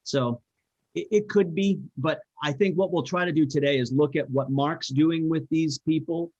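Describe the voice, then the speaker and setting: Bible study leader, male, measured and hedging, dull dry recording. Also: fairly high pitch, darkish tone, no echo. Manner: thoughtful, hedging, frequent restarts. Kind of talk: group discussion teaching.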